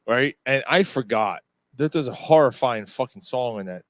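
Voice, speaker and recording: A man co-hosts a casual, crude sports podcast from a bar or pub studio, telling animated stories packed with swearing and acted-out screams. His voice is mid-range and a little slow, with no room sound.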